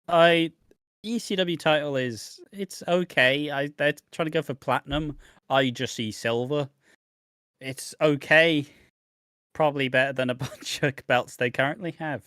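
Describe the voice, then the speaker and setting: A man co-hosting a podcast, rambling through a wrestling review with sardonic asides and frequent swearing. His voice is mid-pitched and recorded dry and close. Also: fairly bright tone, clean tone, no room sound. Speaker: podcast co-host. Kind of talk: casual wrestling review chat.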